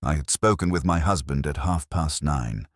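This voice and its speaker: A man's voice: a bass voice, moderate pace, dry recording, clean studio sound. A man voicing a composed young widow with a faint Adriatic accent. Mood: tense restrained. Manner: soft, restrained.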